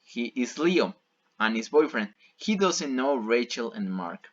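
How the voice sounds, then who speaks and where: Slow, patient male English teacher. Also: medium pitch, very animated, highs cut off. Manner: repeats and rephrases each example patiently. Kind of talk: bilingual classroom explanation.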